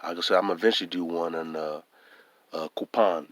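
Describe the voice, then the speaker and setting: A man with a hoarse voice, talking emphatically and repeating himself in a casual vlog monologue. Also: low-pitched, steady tone, quick pace, no echo. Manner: emphatic and repetitive, often restarting phrases. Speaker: vlogger.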